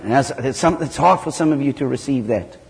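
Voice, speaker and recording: A man from southern Africa preaching a sermon, telling stories with lively jumps in pitch. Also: fairly quick, creaky. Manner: animated storytelling with sudden loud jumps in pitch. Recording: hall reverb.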